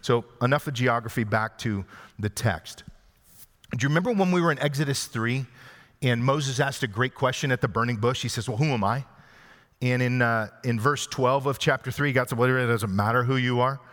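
A man's voice: mid-range voice, a little fast, fairly bright tone. A male pastor giving an expository sermon in a conversational way, asking the congregation questions as he goes. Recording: long hall reverb.

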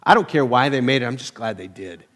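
A man's voice: medium pitch, lively intonation, quick pace, fairly bright tone. A man preaching a casual, conversational sermon to his church, peppered with "uh" fillers and self-deprecating humor. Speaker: pastor.

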